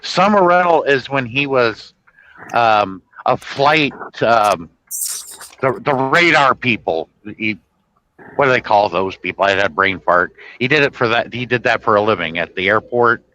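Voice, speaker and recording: A man's voice: medium pitch, animated, unhurried, sharp tone, highs cut off. A man hosting a casual chat, retelling movie scenes in a rambling, self-correcting way. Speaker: host. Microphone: podcast microphone.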